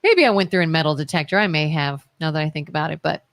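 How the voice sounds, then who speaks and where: A woman's voice: deep voice, lively intonation, fast, fairly bright tone, no room sound. Argumentative woman co-hosting live talk. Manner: argumentative, fires rhetorical questions. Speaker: talk show co-host. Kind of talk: live talk radio debate. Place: talk show studio.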